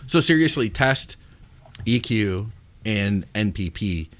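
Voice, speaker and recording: Male podcast co-host, low and animated, jokey. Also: takes it slowly. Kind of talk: casual podcast chat.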